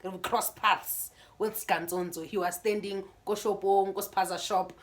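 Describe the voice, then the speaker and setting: Animated South African woman telling a story. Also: medium pitch, unhurried. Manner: animated, conversational storytelling with frequent restarts. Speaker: YouTuber. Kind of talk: storytime vlog.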